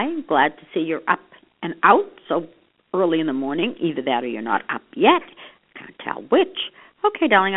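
An older woman leaving chatty, rambling, affectionate voicemail messages for her grown child. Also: low voice. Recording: phone-line voicemail.

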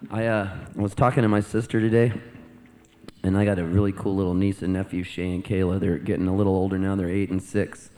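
A man's voice: deep voice, level tone, a little fast, a little mellow. A male singer-songwriter on stage, telling a rambling, amused story between songs into a vocal mic.

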